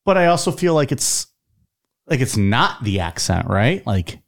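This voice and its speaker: A man's voice: medium pitch, very animated, measured pace, creaky. A man with a southern Ohio accent co-hosting a podcast, rambling and laughing often in casual banter. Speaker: podcast co-host.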